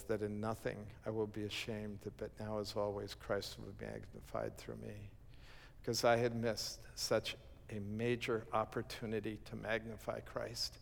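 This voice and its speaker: A man's voice: mid-range voice, creaky. Man preaching in a reverberant hall. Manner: animated storyteller, acts out quotes, laughs at himself. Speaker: pastor. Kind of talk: sermon storytelling. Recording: long reverb of a large hall.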